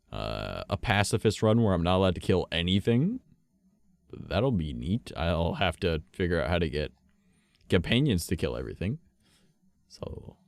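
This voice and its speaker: A man's voice: sits low, vocal fry, darkish tone, no echo. A man streaming live, chatting casually with viewers in a rambling way, swearing and laughing often.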